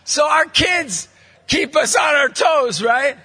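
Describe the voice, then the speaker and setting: High, bright, shouting man preaching. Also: expressive, takes it slowly. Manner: punchy, jokey storyteller, bursts into shouting emphasis. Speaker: Catholic evangelist speaker. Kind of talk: energetic preaching talk to a live audience. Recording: long hall reverb from a large venue.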